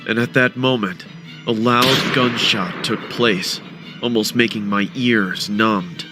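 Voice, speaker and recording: A man narrating a first-person horror story with a dramatic, expressive delivery. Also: lowish voice, slow pace, over music.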